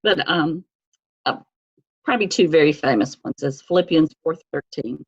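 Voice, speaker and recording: Husky middle-aged woman, muffled sound. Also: low-pitched, moderate pace. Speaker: guest, the host's mother. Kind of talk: casual interview.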